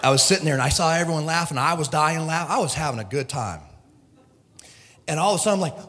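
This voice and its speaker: A middle-aged man preaching a sermon at the pulpit, emotional, swinging from shouts to hushed asides. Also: a little high, animated, quick pace, big-room sound. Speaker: pastor. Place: church sanctuary.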